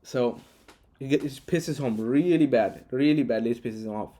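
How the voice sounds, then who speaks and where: A man tells a long personal story straight to camera in a loose, casual vlog style. His voice is mellow and sits at a middling pitch. He wanders, restarts sentences and leans on fillers as he goes. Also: normal speed. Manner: rambling, frequent restarts and fillers. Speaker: vlogger.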